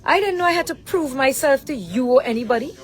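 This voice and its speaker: A middle-aged woman with a high-pitched voice delivers an angry rant straight to the camera. She talks as a mother laying into her daughter, confrontational and full of rhetorical questions. Faint music sits under her voice. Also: animated, quick pace, poor audio. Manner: confrontational, keeps asking "huh?" rhetorically.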